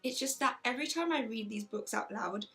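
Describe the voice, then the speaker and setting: Gushing, chatty woman with a gravelly edge. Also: on the high side, brisk, fairly bright tone, faint music behind. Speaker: book vlogger. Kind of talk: casual book review with read-aloud passages.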